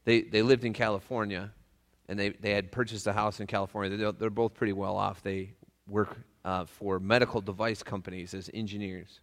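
Folksy pastor with a gravelly voice. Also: male voice, on the low side, little pitch movement, brisk, big-room sound. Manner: folksy, joking, acts out voices. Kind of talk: conversational sermon. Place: church sanctuary.

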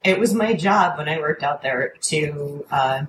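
A woman telling an animated anecdote in casual chat, swearing freely and acting out quoted lines in a higher voice. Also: unhurried, few pauses, roomy sound, a little hiss or hum, low-quality recording. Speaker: storyteller guest.

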